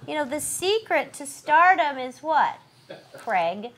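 A voice-over coach directs a live audition session, guiding a voice actor through a read in a chatty, encouraging way full of quick asides and laughs. Her voice is high-pitched with big swings in pitch, and there's heavy background noise.

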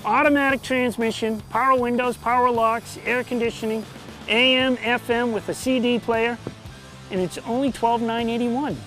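A man's voice: very high voice, steady tone, moderate pace, fairly bright tone, faint music behind. A man co-hosting a local TV car-sales show, upbeat, listing features and urging viewers to hurry in. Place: car dealership lot.

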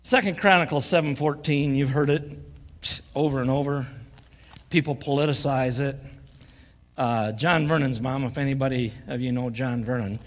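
A man preaching a folksy guest sermon in a church, mixing jokes and laughter with scripture. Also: medium pitch. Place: church sanctuary. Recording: church live stream with long hall reverb.

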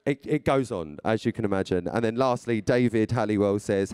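Guy in his 30s chatting to a live crowd, kinda low voice, jokey, laughs loads. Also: fairly quick, few pauses, darkish tone, clean tone. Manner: chatty and playful, laughing often. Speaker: radio and TV presenter. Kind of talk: live talk to an audience, reading tweets aloud. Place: live event before an audience.

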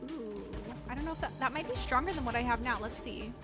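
A woman host giving chatty, excitable gameplay commentary to her viewers. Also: on the high side, quick pace. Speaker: gaming channel host. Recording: game music behind voice. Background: game music.

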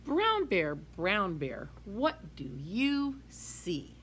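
A woman preschool teacher reading a picture book aloud to young children, in an animated sing-song way with hushed whispered asides. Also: mid-range voice, drawn-out words, slight background noise.

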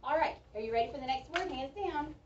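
A woman teaching a reading lesson to a young class, speaking slowly and clearly and praising the children's answers. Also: sits high, expressive, a little mellow, slight background noise. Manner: slow, clear, encouraging teacher talk with drawn-out words. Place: school classroom. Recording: echoey, distant, dull classroom recording.

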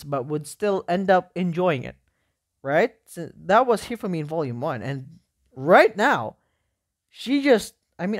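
Excitable rambling gaming YouTuber. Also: medium pitch. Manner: rambling and excitable, many fillers. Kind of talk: casual let's-play commentary.

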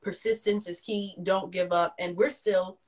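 A young woman co-hosting a casual phone livestream, telling a personal story in an animated way with big swings in loudness. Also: mid-range voice, unhurried. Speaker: livestream co-host.

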